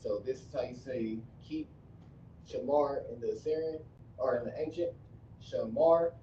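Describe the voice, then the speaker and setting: A man teaching script and pronunciation in a slow, repetitive lesson, often stopping to correct himself. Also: mid-range voice, background noise. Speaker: language teacher. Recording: distant, dull, echoey room recording.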